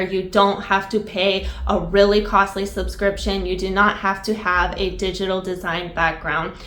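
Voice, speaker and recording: A woman hosting a software tutorial, upbeat and enthusiastic, her voice nasal from a recent cold. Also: mid-range voice. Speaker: video tutorial host. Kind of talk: screen-recorded software tutorial.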